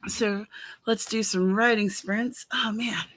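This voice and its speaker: A woman's voice: medium pitch, steady tone, slow pace, a bit bright, no echo. A woman hosting a casual writing livestream, chatting with viewers and greeting them by name while complaining about a watering eye. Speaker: author and livestream host. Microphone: headphones with mic.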